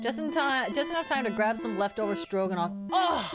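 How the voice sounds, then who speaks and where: A woman's voice: fairly high pitch, lively intonation, normal speed. A woman streaming a game live, playful and laughing often, yelping at the screen and chatting with viewers. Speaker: VTuber streamer. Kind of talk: live gameplay commentary with chat. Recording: background game music.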